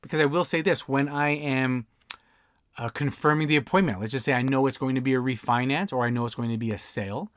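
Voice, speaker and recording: Man, mid-pitched, casual podcast host, chatty instructional delivery, dry close mic. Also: quick pace, a bit bright, no echo. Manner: conversational, acts out client dialogue. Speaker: podcast host and signing service owner.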